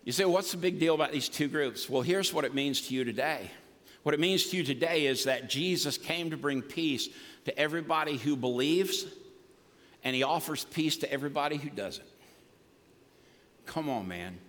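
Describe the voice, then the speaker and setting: Older man, pastor's sermon, high bright voice, long hall echo. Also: normal speed. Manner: folksy, emphatic preaching with humor. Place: church sanctuary. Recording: long reverb of a large hall.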